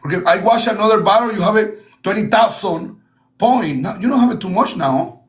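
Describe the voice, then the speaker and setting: Speaking briskly in a high-sitting voice, a man hosts a livestream battle. It's casual livestream chat, full of effusive compliments in broken English mixed with Spanish phrases.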